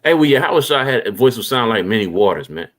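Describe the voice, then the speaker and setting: A man's voice: lowish voice, animated, fairly bright tone. A man preaching and reading scripture aloud, asking rhetorical questions and tagging his lines with "man.". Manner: reads verses slowly, asks rhetorical questions, tags lines with "man". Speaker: street preacher.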